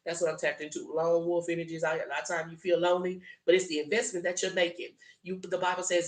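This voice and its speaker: A woman's voice: fairly low pitch, fairly even intonation, quick pace, few pauses, roomy sound. A woman with a South Louisiana Southern drawl giving a blunt, profane, preachy tarot reading. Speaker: tarot reader. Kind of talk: solo tarot reading monologue.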